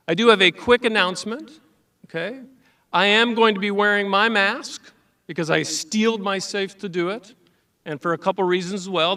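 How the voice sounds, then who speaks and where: Ceremony host with a high bright voice, relaxed and joking, on a distant microphone. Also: male voice, clean tone. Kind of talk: ceremony hosting.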